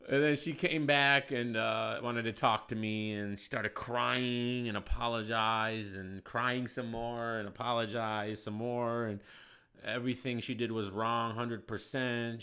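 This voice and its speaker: A man telling a story in casual podcast chat, animated and profane, getting loud when he acts out shouting. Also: fairly low pitch, a little slow, smooth. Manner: profane, slangy. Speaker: podcast host.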